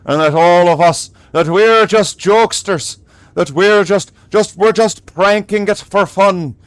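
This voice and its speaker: A man's voice: high-pitched, a little slow, no echo. A man from Canada chatting in a rambling, joking way while streaming a game. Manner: rambling, joking, restarts often. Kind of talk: livestream chat while gaming.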